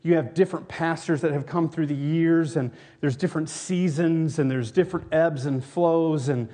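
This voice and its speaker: Guy pastor giving a sermon, slightly high voice, earnest and rambly, keeps restarting. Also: normal speed, warm tone. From Tennessee, US. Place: church.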